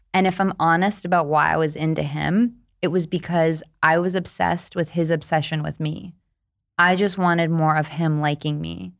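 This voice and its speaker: A woman author as an interview guest, telling personal stories candidly and acting out quoted lines. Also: fairly low pitch. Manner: candid storytelling, animated, acts out quotes. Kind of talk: casual interview chat.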